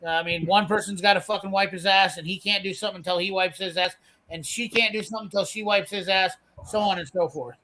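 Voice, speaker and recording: Brash high-voiced swearing storyteller. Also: male voice, steady tone, fast, pushed and bright. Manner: brash, swearing, acts out quoted lines. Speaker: storyteller on a live garage show. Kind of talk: casual profane storytelling.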